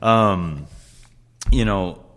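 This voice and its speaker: A young man hosting a casual chat, telling animated stories and swearing often as he acts out quotes. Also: deep voice, extremely slow. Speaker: podcast host, chef.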